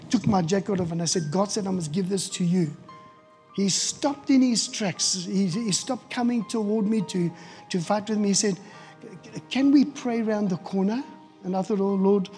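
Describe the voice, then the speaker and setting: Gravelly high-voiced preacher. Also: male voice. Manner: animated, acts out quotes, often restarts words. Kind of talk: storytelling sermon. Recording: hall reverb with faint music.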